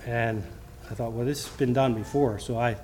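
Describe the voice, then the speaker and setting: A middle-aged man preaches a church sermon and mixes in personal testimony. His pitch is ordinary for a man and his delivery halts and restarts often. A faint noise sits behind him. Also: steady tone, darkish tone. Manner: halting, with frequent restarts; reads scripture in King James wording. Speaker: lay preacher.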